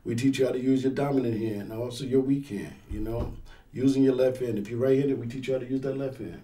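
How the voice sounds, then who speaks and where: Casual male instructor, mellow tone, animated storyteller. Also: mid-range voice, fast. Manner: animated, acts out scenarios in quoted voices. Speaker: firearms instructor and pastor. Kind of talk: casual interview talk.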